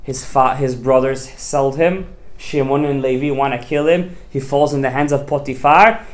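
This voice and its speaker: A man's voice: a little high, normal speed. A man, a rabbi, giving a passionate sermon with dramatic, emphatic storytelling. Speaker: rabbi teaching a Torah class.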